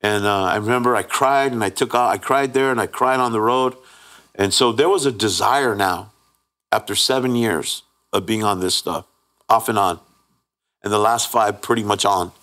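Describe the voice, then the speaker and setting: A man with a somewhat low voice tells his own story as a guest, candid and plain-spoken. He keeps checking in with his listener and slips into the voices of the people he quotes. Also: moderate pace, a bit bright. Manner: earnest storyteller who acts out the quoted voices; plain-spoken with frequent restarts and 'right?'. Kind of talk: candid personal testimony.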